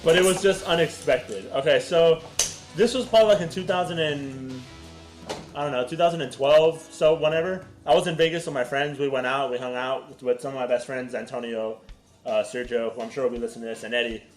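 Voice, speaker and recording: A man's voice: mid-range voice, brisk, faint music behind, poor audio. A man co-hosting a podcast, telling a story in casual chat and swearing freely. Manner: animated, swearing, laughing storyteller. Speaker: podcast co-host.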